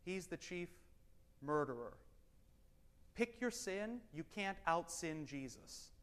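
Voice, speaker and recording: A man teaching a Bible study class, animated and wry, swinging between loud emphasis and quiet asides. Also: a little high, slow pace, smooth. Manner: wry, self-deprecating humor.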